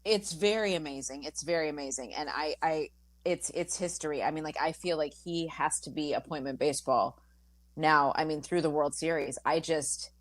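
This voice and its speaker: Gushing woman sports co-host, lowish voice. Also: normal speed, dry recording. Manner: effusive, gushing, trailing restarts. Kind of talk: casual sports talk. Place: radio studio.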